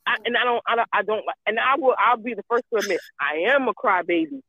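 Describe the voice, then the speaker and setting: High husky woman, emphatic, repeats herself, swears a lot, tinny phone-line sound. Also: quick pace, no room sound. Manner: emphatic and repetitive, swears freely. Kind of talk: casual chat.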